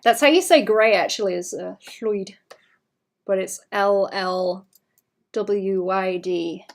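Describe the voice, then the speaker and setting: A woman's voice: mid-range voice, a little slow. Chatty woman musing aloud on stream. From Wales. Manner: chatty, musing aloud with many restarts and fillers. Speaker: artist streaming while drawing. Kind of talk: casual livestream chat.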